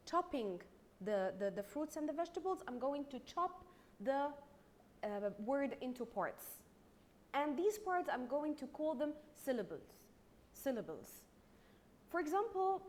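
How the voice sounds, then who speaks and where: Speaking in a high, darkish-toned voice over a little hiss or hum, a young woman with an Egyptian accent leads a recorded online primary English lesson. She goes slowly and patiently, saying words again and again and stretching them to clap out each syllable.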